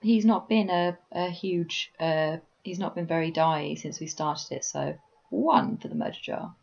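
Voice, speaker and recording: A woman's voice: lowish voice, unhurried, creaky, a little mellow, dull audio. A woman co-hosting a podcast, talking in a dry, matter-of-fact way and plainly explaining things in casual chat. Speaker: podcast co-host. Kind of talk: casual chat reviewing an anime episode.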